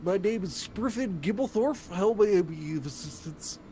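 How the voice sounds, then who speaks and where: Spriffin, a high fussy little shipwright, put on by a man. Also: lively intonation, moderate pace, mellow, slight background noise. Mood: eager. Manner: flustered, hesitant, formal. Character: short round fussy little male shipwright.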